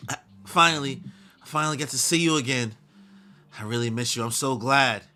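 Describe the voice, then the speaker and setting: A man's voice: medium pitch, a little fast, bright, forceful tone, natural voice. A man voicing an earnest young woman at a tearful reunion, reading her lines aloud in a raised, gushing voice.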